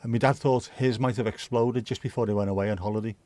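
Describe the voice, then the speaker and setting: A middle-aged Scouse-accented man from Liverpool, England, hosts a livestream with rambling, casual chat and free swearing. His voice sits fairly low, steady and warm, moving at a quick pace with no echo.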